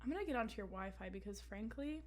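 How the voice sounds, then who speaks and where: A young woman from Pennsylvania chatting on a podcast, her voice sitting a little higher than most. She jokes and giggles her way through, padding her sentences with "like" and "um". She sounds like she is in her twenties. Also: lively intonation, fast, a little mellow. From Pennsylvania, USA. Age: 20s. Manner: joking and giggly, lots of "like" and "um". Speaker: podcast co-host. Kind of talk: casual chat.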